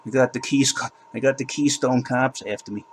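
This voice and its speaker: Angry man vlogging, mid-pitched, restarts lines, faint room noise behind. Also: steady tone, moderate pace, poor audio. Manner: agitated, repeats and restarts words. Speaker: crypto channel host. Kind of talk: heated casual rant to camera.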